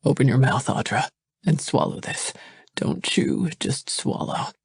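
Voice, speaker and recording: A woman voicing a feverish, injured bearded man who speaks in a hushed, comforting murmur. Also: very deep voice, unhurried, husky, no room sound, studio quality, full character voice. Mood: hushed soothing. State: weak, teeth chattering.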